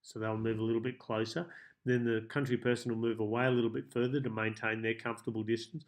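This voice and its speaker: A man coaching viewers in a self-help tips monologue, speaking calmly and measuredly with deliberate pauses. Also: medium pitch. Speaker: life coach.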